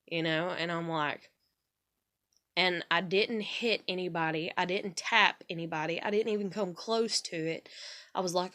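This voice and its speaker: A woman's voice: on the low side, fairly even intonation, moderate pace, fairly bright tone. A woman, rambling through a personal story in a candid vlog and swearing casually. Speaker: vlogger.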